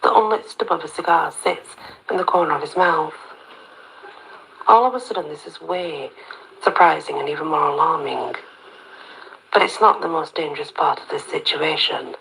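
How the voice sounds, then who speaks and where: A woman's voice: sits low, normal speed, gravelly, long pauses, fairly bright tone, a little hiss or hum, low-quality recording. A woman reading a first-person story aloud, with a chatty, wry inner-monologue manner.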